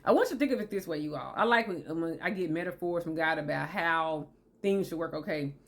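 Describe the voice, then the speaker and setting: A woman's voice: sits low, expressive, a little fast. A woman hosting her own video, talking casually and emphatically to viewers about relationships, repeating herself and addressing them as "you all". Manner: emphatic, repetitive, preachy with frequent "you know" and "you all". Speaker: motivational video host and author. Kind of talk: casual direct-to-camera talk on relationships.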